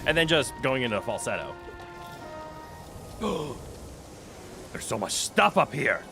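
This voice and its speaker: A man's voice: mid-range voice, very animated, unhurried, vocal fry, pauses often, pushed and bright, faint music behind. A man streaming a video game, chatting playfully with his viewers and laughing often. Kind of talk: casual gameplay commentary.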